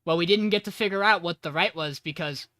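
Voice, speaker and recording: A man's voice: sits high, a little fast, sharp tone, dry recording, clean studio sound. A man co-hosting a podcast, casually retelling a tabletop game session and acting out quoted lines. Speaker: podcast co-host. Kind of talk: casual storytelling recap.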